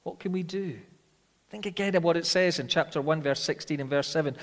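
A man preaches a sermon in a voice pitched a little high. He hammers rhetorical questions loudly, then drops to quiet intensity. His voice rings out with a long reverb in a large church hall. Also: a little fast.

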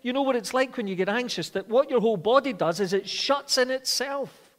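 A man with a high, light voice delivers a sermon in a church, his words carrying a long reverb tail. He reads scripture aloud and hammers home repeated lines, then slows and drops to a soft, quiet delivery when he wants a point to sink in. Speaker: preacher.

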